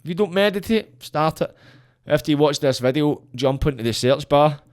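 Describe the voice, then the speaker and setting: A man's voice: on the high side, expressive, normal speed, smooth. A man from Scotland, a podcast guest giving a blunt, sweary, preachy monologue on self-belief. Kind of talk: rambling motivational monologue.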